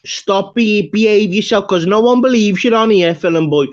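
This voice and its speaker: A man's voice: high-pitched, normal speed. A man, taunting someone scornfully in a heated live-stream argument. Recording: dull lo-fi stream audio.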